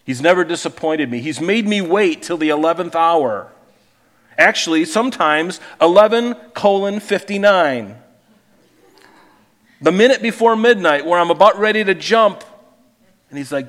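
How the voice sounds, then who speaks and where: A man's voice: sits high, lively intonation, moderate pace, a bit bright, long reverb tail. A man preaching a sermon as pastor, earnest and conversational, often repeating words as he searches for the next one.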